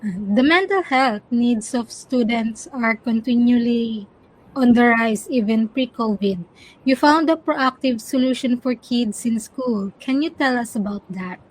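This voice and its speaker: A woman hosting a podcast, asking measured interview questions with brief fillers. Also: fairly high pitch, rough recording. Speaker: podcast host.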